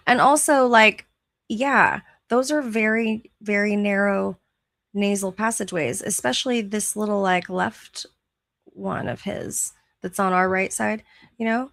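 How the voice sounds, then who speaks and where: A woman's voice: medium pitch, animated, slow, gravelly, a bit bright, dry recording. A woman hosting her show, reading online posts aloud in casual chat, chatty and gushing and laughing often. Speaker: podcast host.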